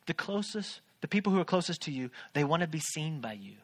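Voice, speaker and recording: A man's voice: on the high side, sing-song, a little fast, few pauses. A man in his thirties, a pastor, preaching a sermon from a church stage in a conversational, joking way, with questions to the congregation.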